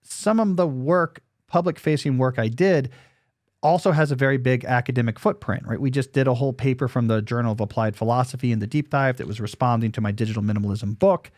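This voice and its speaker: Guy in his 40s podcast host, talks it through casually, mid pitch, dead dry mic. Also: fast talker, a little mellow, dry recording. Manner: explanatory, thinking aloud.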